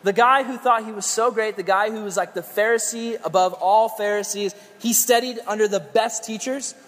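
A man preaching a sermon in an energetic, conversational way with playful asides, his voice a little strained as he is losing it. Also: high-pitched, normal speed, big-room sound.

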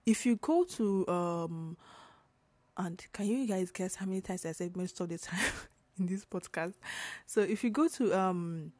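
A young woman from Nigeria hosting her own podcast, slightly hoarse, talking in a rambling, chatty way with fillers and self-corrections. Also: fairly low pitch, a little slow, a little mellow, no echo. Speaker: podcast host. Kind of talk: casual solo podcast talk.

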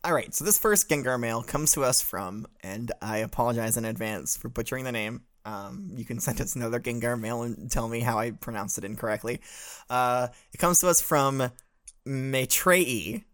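A man's voice: medium pitch, normal speed, a bit bright. A man hosting a comic podcast as a professor, reading listener letters in a wry, teasing way. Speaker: host playing a professor.

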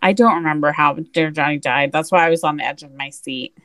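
A woman's voice: low voice, fairly quick, a bit bright. A woman co-hosting a podcast, chatting casually about a movie with short reactions and quips. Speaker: podcast co-host. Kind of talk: casual movie recap chat.

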